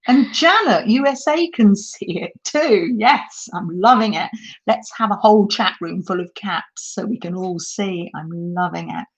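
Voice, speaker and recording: A woman's voice: medium pitch, lively intonation, measured pace, low-quality recording. A middle-aged woman hosting a casual craft live stream, chatting and reading viewer comments aloud with frequent laughs. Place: holiday home, indoors at a craft table. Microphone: laptop mic.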